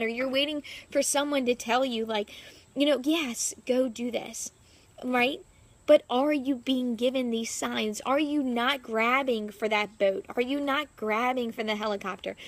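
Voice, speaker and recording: Rambling young woman vlogging in her backyard. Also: a little high. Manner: rambling, heavy use of "like" fillers. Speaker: fitness coach. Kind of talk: casual vlog monologue. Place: backyard, outdoors.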